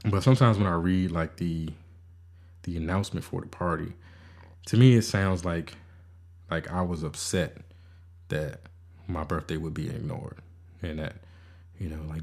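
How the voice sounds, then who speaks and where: A man's voice: sits low, steady tone, moderate pace, gravelly, pauses often, a little mellow. A man hosting a podcast, rambling casually with stammering restarts, cynical and self-deprecating, swearing now and then. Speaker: podcast host.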